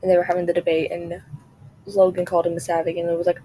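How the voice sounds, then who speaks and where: A chatty woman vlogger talking casually to her viewers with a mellow, soft-edged voice. She rambles, trails off and restarts mid-thought. A faint hiss sits under the recording. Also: on the low side, completely flat delivery, quick pace, poor audio. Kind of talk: casual chat to camera.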